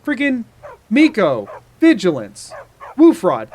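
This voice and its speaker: A man streaming a game chats casually with viewers, rambling playfully with lots of repetitive wordplay. His high voice swoops wildly in pitch, and he speaks slowly.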